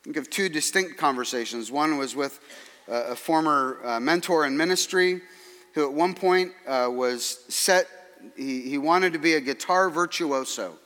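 Man, pastor, earnest measured sermon, dry humor, slightly high voice. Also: fairly bright tone, long reverb tail.

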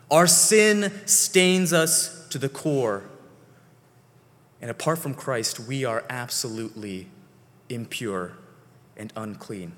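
A man preaching a sermon as pastor, slow and deliberate, his phrases sinking soft at the ends. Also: a little high. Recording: long hall reverb.

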